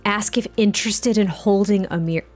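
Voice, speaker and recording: A woman's voice: medium pitch, moderate pace, darkish tone, soft background music. Giggly woman narrating a life-sim game. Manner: chatty, giggly, rambling with fillers. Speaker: let's play host. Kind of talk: casual game commentary.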